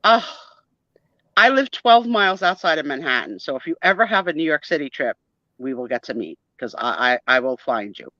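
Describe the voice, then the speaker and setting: A woman's voice: deep voice, lively intonation, brisk, pushed and bright, no echo. A middle-aged woman with a New Jersey accent, chatting animatedly as a guest on a live stream and laughing often. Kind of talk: casual chat. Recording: dull lo-fi stream audio.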